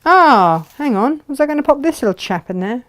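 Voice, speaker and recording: A woman's voice: high-pitched, expressive, a little fast, fairly bright tone. A woman hosting a live textile craft demonstration, chatting and thinking aloud as she works.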